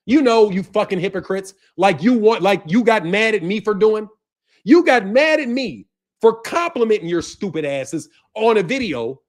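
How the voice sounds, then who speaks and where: A man hosting his boxing channel, ranting in a profane, mocking way and laughing often. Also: high-pitched. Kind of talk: ranting commentary.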